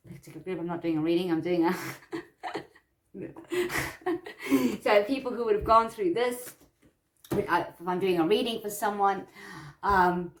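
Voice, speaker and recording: A woman's voice: medium pitch, reverberant. A woman teaching tarot in a casual, reassuring way, repeating her points and laughing often. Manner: warm, repetitive, reassuring, with frequent laughs. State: itchy eyes from allergies. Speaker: tarot teacher and psychic medium. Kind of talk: casual instructional talk.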